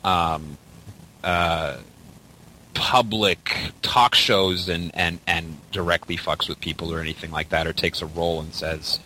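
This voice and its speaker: A man's voice: low-pitched, steady tone, measured pace, bright, forceful tone, slight background noise, rough recording. A man from Canada telling a story in casual chat, rambling with many restarts and casual swearing. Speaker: podcast guest.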